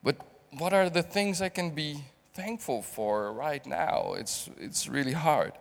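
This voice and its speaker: A middle-aged guest preacher from the Netherlands gives a heartfelt sermon of emotional testimony, speaking haltingly and often repeating and restarting his words. His voice runs on the high side with vocal fry, and a long hall reverb fills the recording.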